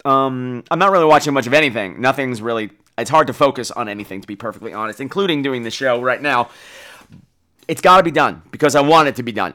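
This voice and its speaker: Campy, lively storytelling podcast host. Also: male voice, medium pitch. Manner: campy, expressive, theatrical. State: grieving, dazed. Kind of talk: comic storytelling monologue.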